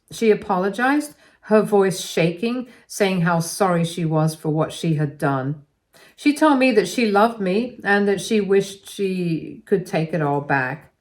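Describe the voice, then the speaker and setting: Low-voiced woman narrating a dramatic story. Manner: dramatic reading, voicing her own angry outbursts. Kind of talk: scripted first-person story narration.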